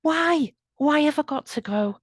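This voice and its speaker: A woman's voice: high-pitched, animated, a little slow, no echo, studio quality, voice pushed up. A woman voicing a footsore old male tramp who sounds tired and drowsy as he protests. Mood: weary.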